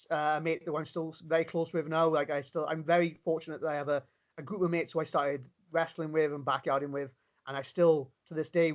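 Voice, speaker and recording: A young Welsh man being interviewed, telling stories eagerly and restarting his sentences often. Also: a little high. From Wales. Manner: fast, enthusiastic storytelling with many restarts. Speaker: interview guest, pro wrestler. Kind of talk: casual interview chat. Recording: dull lo-fi recording.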